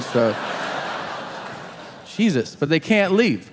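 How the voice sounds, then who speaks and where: A man telling a stand-up story on a club stage into a handheld mic, animated and laughing at his own jokes. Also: mid-range voice, normal speed, in a large hall, slight background noise. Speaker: stand-up comedian. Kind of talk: stand-up comedy.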